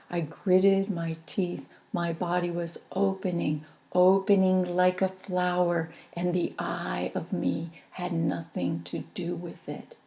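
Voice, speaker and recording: A woman reading her own memoir aloud as an audiobook, in a slow, intimate, reflective manner. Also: lowish voice, vocal fry, warm tone.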